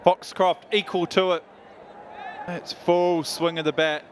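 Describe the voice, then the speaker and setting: Flat-toned male cricket commentator. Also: sits high, slow pace, very noisy. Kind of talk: live sports commentary.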